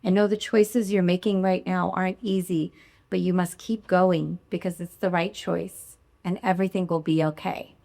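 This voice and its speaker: A woman's voice: on the low side, level tone, moderate pace, gravelly, warm tone. A woman quoting a praying woman who blesses and reassures a doctor in a fervent, soothing way.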